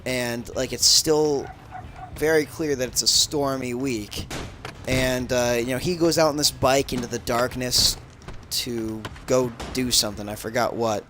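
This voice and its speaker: A man's voice: medium pitch, steady tone, measured pace. Laid-back young man on crackly audio. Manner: laid-back, profane storytelling. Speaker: streamer. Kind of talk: casual chat while gaming.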